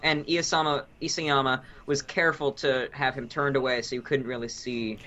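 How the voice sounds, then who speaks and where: A man's voice: medium pitch, little pitch movement, normal speed, bright, forceful tone. A young man co-hosting a casual fan podcast, arguing his points earnestly and emphatically. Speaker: podcast co-host. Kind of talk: casual chat. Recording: dull lo-fi audio.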